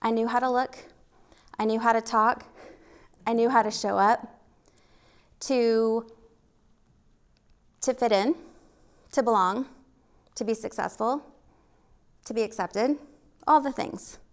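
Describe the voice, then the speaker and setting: A woman's voice: on the high side, fairly even intonation, slow, long pauses. Candid Oklahoma woman telling her story. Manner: candid, self-deprecating, joking. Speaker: storytelling speaker. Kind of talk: personal story on stage. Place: stage at a live event.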